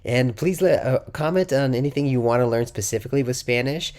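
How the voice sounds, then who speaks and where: A man teaching a casual video language lesson, encouraging and upbeat, who reads his example sentences slowly and carefully and often clears his throat. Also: mid-range voice, a little mellow. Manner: encouraging, says "muy bien" and "awesome" after each example. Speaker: Spanish teacher.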